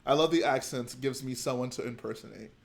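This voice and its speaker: A man's voice: medium pitch, brisk, vocal fry. A man hosting a livestream at home, chatting casually and thinking aloud as he builds. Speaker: livestream host. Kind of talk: casual chat while building.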